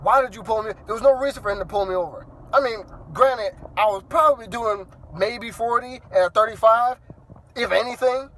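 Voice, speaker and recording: In a rough recording, a vlogger with a high, slightly bright voice tells an angry story to his phone camera while driving his car. He swears and stammers, restarting as he goes.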